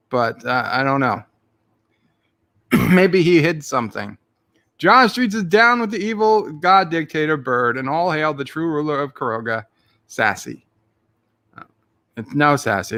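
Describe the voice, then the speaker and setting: A man's voice: on the high side, sharp tone. A man hosting a live stream, reading out chat messages in a joking, rambling way with a put-on Irish-Australian accent. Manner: jokey, rambling, playful silly voices. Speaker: livestream host reading chat.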